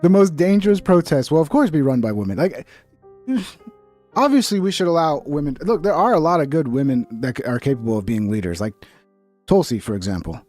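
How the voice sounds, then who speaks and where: A man's voice: fairly high pitch, lively intonation, a little fast, a little mellow, faint music behind. A man hosting a live reaction stream, commentating on clips with crude, mocking banter. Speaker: livestream host reacting to clips.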